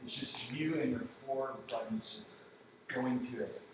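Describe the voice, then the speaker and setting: A man's voice: medium pitch, a little slow. A man in the audience casually asking a hypothetical question. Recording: very echoey, distant, noisy hall.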